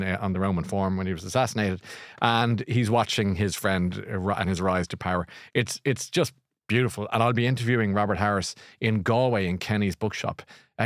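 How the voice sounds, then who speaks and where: A man's voice: on the low side, dry recording, clean studio sound. A middle-aged man hosting a book show, rambling and jokey with lots of fillers and restarts. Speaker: radio book show host. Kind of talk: casual chat.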